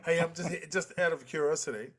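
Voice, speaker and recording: A man's voice: fairly high pitch, a little fast, crowd noise. A man with a New Zealand accent hosting a podcast, chatting casually on a video call with a teasing, laughing manner. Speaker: podcast host.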